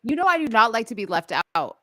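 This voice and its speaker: A woman's voice: a little high, very animated, fast, fairly bright tone, no room sound. A woman in her forties co-hosting a live talk show, teasing and laughing often. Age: 40s. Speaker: co-host. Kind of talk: casual live-show banter.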